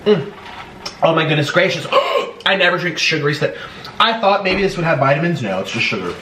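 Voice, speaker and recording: A man's voice: on the high side, lively intonation, a little fast, bright, forceful tone, distant mic. A young man hosting a mukbang eating vlog, talking in a hyper, bubbly way with sing-song exclamations. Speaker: mukbang host. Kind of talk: casual eating vlog chat. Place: room at home. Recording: echoey room, mic set back, faint hiss.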